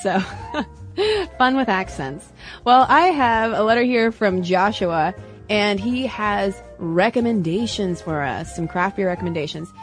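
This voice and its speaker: A woman's voice: mid-range voice, lively intonation, measured pace, soft background music. A young adult woman co-hosting a podcast, chatting casually and playfully, often laughing. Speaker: podcast co-host. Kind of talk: casual chat.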